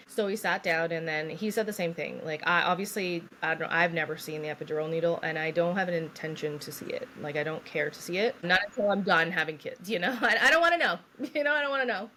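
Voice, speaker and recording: A woman's voice: on the low side, a little hiss or hum. A woman in her thirties, a podcast co-host, telling a long personal story in casual chat, acting out what others said and laughing often.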